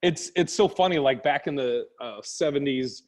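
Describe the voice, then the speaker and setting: A middle-aged man in casual podcast conversation, drifting from one tangent to the next. He laughs easily and tells his stories in a loose, unhurried way, with his pitch sitting right in the middle. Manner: laughs often, rambling storytelling. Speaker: podcast host.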